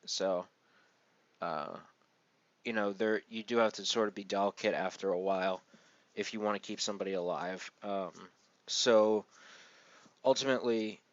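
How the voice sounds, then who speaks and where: A man with a fairly low voice talks through a manga chapter in a loose, unscripted way, full of ums and likes, now and then dropping a dry sarcastic aside. The recording is dry and a little muffled. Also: fairly bright tone, dry recording. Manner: rambling, filler-heavy, sarcastic asides. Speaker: manga reviewer. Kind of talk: casual unscripted review.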